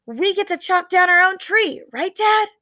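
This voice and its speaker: Storybook figure: woman playing a bouncy, eager young boy, high voice. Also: lively intonation, normal speed, pushed and bright, no room sound, full character voice. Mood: excited. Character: excited young boy narrator.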